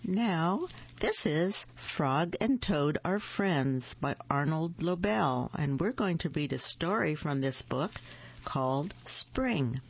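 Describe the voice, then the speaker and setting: A storyteller reading picture books aloud, slow and gravelly, with a gentle read-aloud manner. The recording sounds dull and muffled. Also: mid-range voice, expressive, slight background noise.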